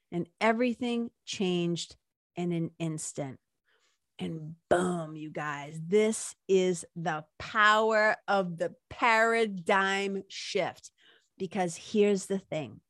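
A chatty woman tells a story to her listeners in a loose, conversational way, checking in with quick tag questions as she goes. Her voice sits at an ordinary middle pitch. It is recorded close and dry, with no room sound. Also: a bit bright, dry recording. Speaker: speaker retelling a book passage. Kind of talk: casual talk with read-aloud quotes.

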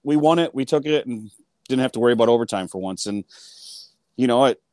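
This man talks, with lots of fillers and acted-out reactions. His pitch sits mid-range for a man. The sound is dry and close, with no room around it. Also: fast talker, a little mellow, no echo. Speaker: sports podcast co-host. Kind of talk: casual chat.

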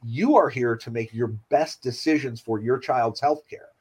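Husky middle-aged guy, a surgeon, calm reassuring talk, kinda breathy. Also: mid-range voice, low-quality recording. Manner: earnest, measured, reassuring. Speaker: pediatric surgeon. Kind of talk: podcast conversation.

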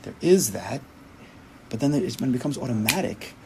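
A rabbi giving a Torah class with a gravelly, creaky voice, pressing his points home with emphasis. He keeps slipping into little quoted inner voices to make his case. A faint hiss sits under the recording. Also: medium pitch, lively intonation, normal speed.

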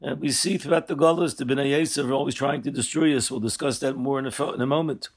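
Rich: A gravelly, husky voice belonging to an older man teaching a Torah class. He speaks earnestly and climbs high and loud when he wants to drive a point home. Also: fast talker. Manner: earnest, rising sharply in pitch and volume for emphasis. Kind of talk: Torah lesson.

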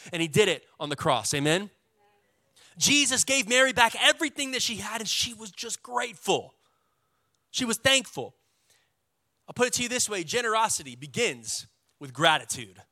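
Texan pastor guy preaching, bright voice, super casual and lively, gets the crowd to repeat stuff. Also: high voice, dry recording. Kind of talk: sermon.

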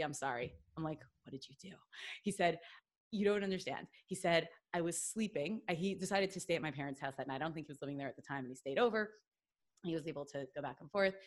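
A woman from New York, a podcast guest, telling a personal story in a chatty, animated way with lots of fillers and restarts. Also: on the low side. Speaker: podcast guest, business consultant. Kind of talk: casual storytelling.

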